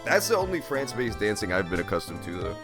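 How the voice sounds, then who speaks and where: Swearing, rambling let's play streamer. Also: male voice, fairly low pitch, sing-song, fast talker, over music. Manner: rambling, swears a lot, jokey. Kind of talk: casual profane gameplay commentary.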